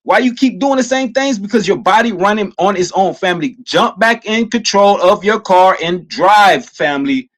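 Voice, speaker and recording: Emphatic man with a high voice. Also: moderate pace, hardly any pauses. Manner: repetitive, emphatic, keeps addressing listeners as family; gets loud and emotional at times. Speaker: motivational vlogger. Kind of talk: motivational talk.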